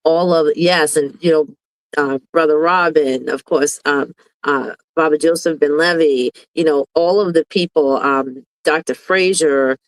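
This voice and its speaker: A woman's voice: low voice, steady tone, measured pace, dry recording, poor audio. A woman educator from Brooklyn, a guest on an online talk, speaking in an earnest, effusive and grateful way. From Brooklyn, New York. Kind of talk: casual video call chat.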